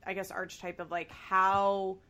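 A woman co-hosts a podcast, chatting casually about a reality show she's recapping, animated, laughing a lot and swearing occasionally. Her voice sits in the mid-range with a level tone at normal speed, and crowd noise can be heard.

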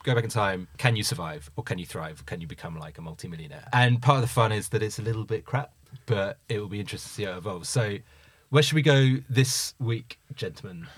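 Guy running a podcast, explains stuff briskly, dry close sound. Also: lowish voice, no echo. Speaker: podcast host. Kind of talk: casual chat.

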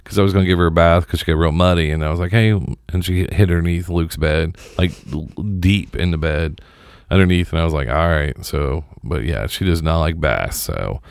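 A middle-aged man chatting casually in a studio, rambling and halting with many restarts. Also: low voice, creaky, no echo. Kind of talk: casual chat.

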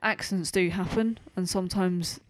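A woman's voice: fairly low pitch, fairly even intonation, normal speed, dry recording. A woman, talking earnestly and reflectively in a casual comics chat.

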